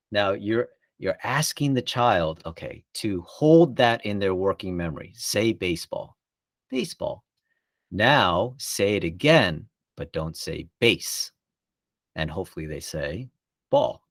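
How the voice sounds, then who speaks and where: A man with a fairly low voice gives a casual, explanatory workshop talk, pausing often with fillers. The sound is dry and close, with no room echo. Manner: relaxed, explanatory, many fillers. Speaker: workshop presenter.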